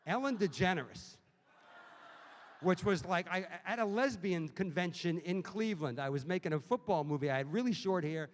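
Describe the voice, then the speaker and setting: A middle-aged man from telling profane, animated comic anecdotes at a book event. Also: high voice, moderate pace. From Boston. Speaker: author guest. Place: bookstore event hall. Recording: reverberant hall, live audience.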